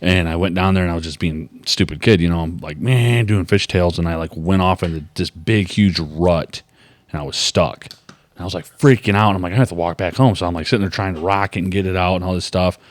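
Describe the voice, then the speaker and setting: A young adult man with a deep voice hosts a podcast, speaking fairly quickly. In casual chat he tells a story with animation, acting out the voices of the people he quotes.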